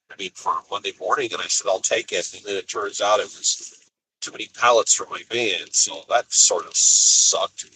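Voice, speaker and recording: An expedite van driver, behind the wheel of his cargo van on the highway, vents about his frustrating morning in a casual vlog monologue. He has a fairly low, sharp-toned voice and acts out quotes as he tells the story in an exasperated way. The audio is rough, with a little hiss or hum.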